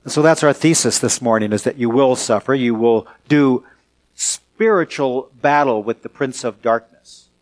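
An earnest male pastor preaching to his congregation. His voice sits at an ordinary middle pitch, and he presses each point with emphatic repetition, drawing some phrases out slowly and rushing others. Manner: earnest, emphatic, varies pace for effect. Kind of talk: sermon. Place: church sanctuary.

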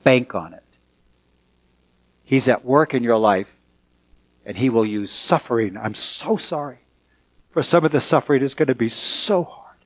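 A man preaching a Sunday sermon as a pastor, earnest and emphatic, slowing and speeding up for effect. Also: medium pitch. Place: church sanctuary.

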